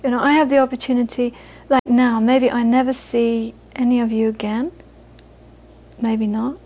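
A woman's voice: a little high, flat delivery, normal speed, darkish tone. A woman teaching a group in a casual, chatty, anecdotal way, often laughing as she talks. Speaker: meditation teacher. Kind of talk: casual spoken teaching talk.

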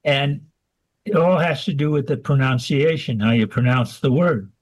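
A man's voice: medium pitch, normal speed, rough recording. A man from a haiku group, explaining syllable disputes with some hesitation. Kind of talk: casual group interview.

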